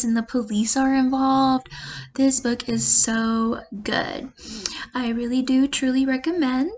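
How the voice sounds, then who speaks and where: Woman reading a chunk of a novel out loud, pretty dramatic, bit of a higher voice. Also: fairly even intonation, takes it slowly, a little hiss or hum. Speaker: book reviewer. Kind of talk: reading a novel excerpt aloud.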